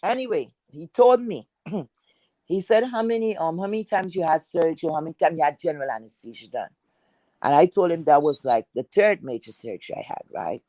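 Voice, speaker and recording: A woman with a deep, heavy voice telling a personal story in a chatty, rambling way, full of fillers. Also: lively intonation, fairly quick, darkish tone, no room sound, rough recording.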